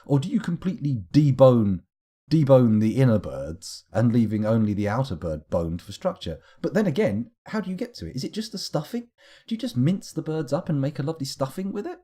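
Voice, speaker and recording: A man's voice: mid-range voice, big pitch swings, fairly quick, mellow, slightly rough. A young man streaming a game live, rambling through wry, self-correcting musings as he plays.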